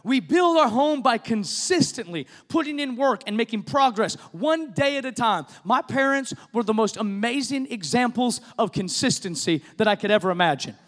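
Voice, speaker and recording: High-voiced pastor preaching in a reverberant hall. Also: male voice, lively intonation, normal speed, hardly any pauses. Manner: impassioned preaching, rising to shouts. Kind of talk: sermon. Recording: long reverb of a large hall.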